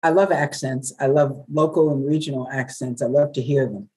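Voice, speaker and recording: An older woman from New York, a veteran radio journalist, telling stories in a chatty, lively way as an interview guest. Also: rumbling low, normal speed, breathy edge, rough recording. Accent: New York, softened. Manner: warm, chatty storyteller with laughs. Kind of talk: webinar interview.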